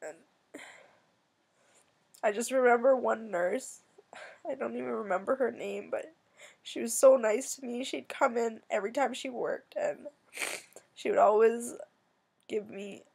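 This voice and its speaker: A young woman from Canada telling a personal story in a soft, halting, emotional way, with many pauses, near tears. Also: a little high, vocal fry, slightly rough. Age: young adult. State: tearful. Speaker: vlogger.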